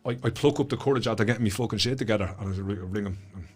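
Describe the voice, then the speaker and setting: A man's voice: fairly low pitch, rapid-fire, breathy edge, soft background music. An Irish man in his middle years, a guest on a chat podcast, telling his story with passion, swearing freely and repeating words as his feelings rise.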